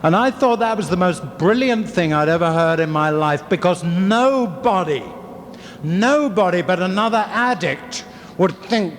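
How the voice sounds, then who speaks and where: A man's voice: high-pitched, lively intonation, a little slow, slight background noise. An English man giving a candid, wry recovery talk at a convention, in a storytelling manner. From England. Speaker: convention speaker. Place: convention hall. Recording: hall reverb, faint ambience, 1980s convention tape.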